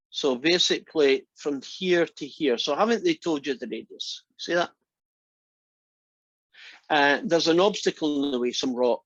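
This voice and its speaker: In a dull lo-fi classroom recording with no room sound, a math instructor whose voice sits on the high side gives a lecture. He chats, teases, and often asks the students questions.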